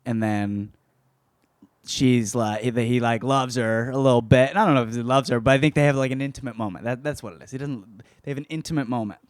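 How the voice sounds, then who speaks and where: A man's voice: medium pitch, steady tone, a little fast, clean tone, no echo. Male host, loose profane comic book-review delivery, dry close sound. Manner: profane, rambling.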